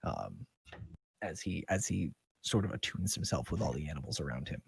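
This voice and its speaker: A man running a tabletop game as game master, narrating in a halting, filler-heavy way. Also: extremely low pitch, big pitch swings, vocal fry, breathy edge, dry recording.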